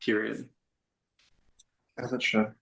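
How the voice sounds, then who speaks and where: A man's voice: on the low side, flat delivery, slow pace, gravelly, fairly bright tone, husky, no room sound, low-quality recording. A man tossing sassy quips into a casual group call.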